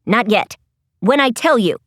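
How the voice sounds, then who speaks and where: A woman's voice: mid-range voice, expressive, a little slow, no echo, clean studio sound, pitched below the performer's own voice. A woman reading an audiobook, voicing an imperious, bossy teenage princess who talks in clipped, haughty commands. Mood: commanding. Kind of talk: audiobook character voice.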